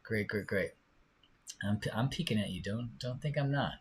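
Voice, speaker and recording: A man teaching a live online singing lesson, encouraging his students and showing them by singing. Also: fairly low pitch. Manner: encouraging, slow and drawn-out, demonstrates by singing.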